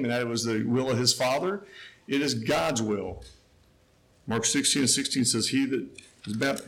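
A man preaching a sermon, quoting scripture with emphatic rises and quiet, lowered asides. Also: slight background noise, rough recording. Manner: emphatic, rising to a near shout then dropping low.

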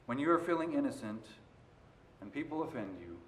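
A man's voice: medium pitch, big pitch swings, brisk, slight background noise. Roomy-sounding male preacher. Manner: rises and falls between quiet and loud emphasis. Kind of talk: sermon. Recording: roomy echo.

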